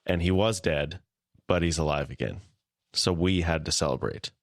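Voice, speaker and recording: A man with a very low voice reads scripture steadily and then chats on a podcast. His delivery is measured and even. The sound is dry and close to the mic. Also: no room sound. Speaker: podcast co-host. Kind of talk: scripture reading and casual discussion.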